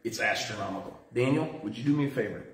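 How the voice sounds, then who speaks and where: Man preaching in an echoey church room. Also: fast. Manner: animated storytelling, lively pitch swings. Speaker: pastor. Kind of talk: sermon. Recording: roomy echo with faint noise.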